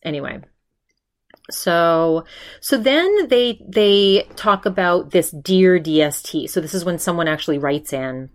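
A woman from Maine with a fairly low, lively voice hosts a podcast, talking a little slowly as she recaps an episode. Her chat is casual and rambling, packed with fillers and "he's like" retellings.

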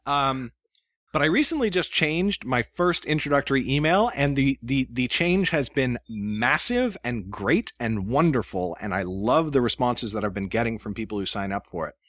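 A man talking as a guest on a podcast, animated and self-mocking, acting out the emails he sends. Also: medium pitch, normal speed, no echo, studio quality. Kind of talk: casual interview chat.

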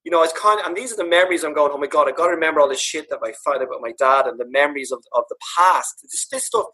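A man's voice: on the high side, very fast, breathy edge, poor audio. A man from Ireland with a Dublin accent, telling funny stories about his dad in a casual chat. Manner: animated, laughing, swearing. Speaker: podcast guest, author. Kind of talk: casual storytelling.

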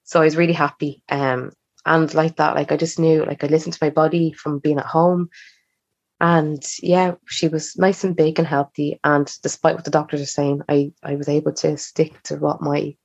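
A woman's voice: sits low, level tone, normal speed, gravelly, darkish tone, dry recording. A young woman telling a personal story as a podcast guest, chatty and acting out the dialogue she quotes. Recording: slightly dull, muffled recording.

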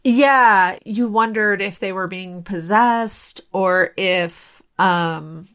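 A woman co-hosting a podcast, discussing a film in a measured, thoughtful way with pauses on "um.". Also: medium pitch, fairly bright tone, clear, resonant tone. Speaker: podcast co-host.

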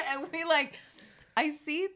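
A woman's voice: high-pitched, takes it slowly, a little hiss or hum. An American woman co-hosting a podcast, chatting casually and telling stories with lots of swearing and laughter. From United States. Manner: animated storyteller, swears and laughs often. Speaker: podcast co-host. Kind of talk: casual chat.

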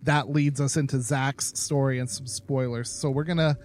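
A man's voice: mid-range voice, steady tone, normal speed, darkish tone, slight background noise. A man co-hosting a podcast, speaking in a hesitant casual way with frequent ums and uhs. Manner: hesitant, many "um" and "uh". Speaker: podcast co-host.

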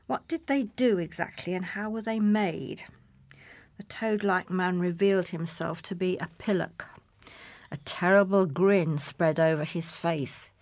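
A woman's voice: medium pitch, no room sound. Woman reading her funny travel piece, dry wry delivery, close dry mic. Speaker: essay reader. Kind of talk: reading a humorous personal essay aloud.

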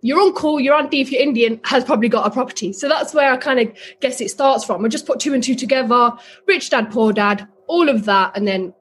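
Young woman, from England, high voice, lively casual chat, laughs a lot. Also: a little fast, hardly any pauses, slight background noise. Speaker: guest property investor.

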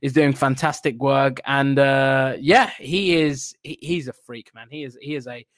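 A man co-hosting a wrestling podcast, talking in a relaxed, conversational way. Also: medium pitch, a little slow, no room sound. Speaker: podcast co-host. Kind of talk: casual wrestling chat.

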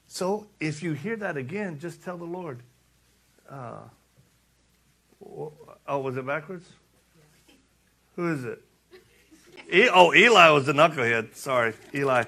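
A man's voice: fairly high pitch, a little slow, creaky, pauses often, sharp tone. A man preaching a casual sermon, folksy and joking, acting out the dialogue of the story.

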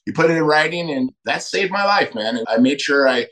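Fast-talking middle-aged man telling stories. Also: a little high, lively intonation, a bit bright, low-quality recording. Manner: fast, emphatic, acts out quoted dialogue. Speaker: podcast guest, retired fighter. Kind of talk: candid personal storytelling.

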